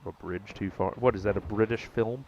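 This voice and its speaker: A fairly low-voiced American man rambles through a gaming live stream, joking with viewers. Faint noise sits behind his voice. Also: moderate pace, highs cut off. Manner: rambling, jokey, talks to chat. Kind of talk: casual live-stream chat.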